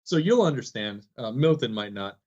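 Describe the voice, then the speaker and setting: Male podcast guest, animated storyteller, acts out the quotes, mid pitch, muffled lo-fi audio. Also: normal speed. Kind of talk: casual storytelling.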